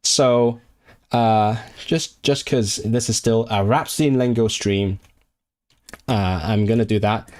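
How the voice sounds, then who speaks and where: A man's voice: fairly low pitch, a little slow, a little mellow. A man from Hong Kong chatting casually on a live stream while he works through language flashcards, thinking aloud with lots of fillers and restarts. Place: indoors at his computer.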